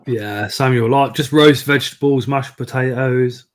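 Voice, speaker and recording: A man's voice: medium pitch, measured pace. A middle-aged man hosting a casual live stream, chatting and reading out viewer comments. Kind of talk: casual chat.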